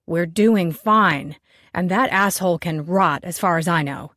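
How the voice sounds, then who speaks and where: A woman's voice: fairly low pitch, dry recording. Angry bar co-owner, a man who snarls and leans hard on his words, put on by a female reader; dry, close recording. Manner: loud, slow, snarling emphasis. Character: cranky slick man, bar co-owner, hot-tempered.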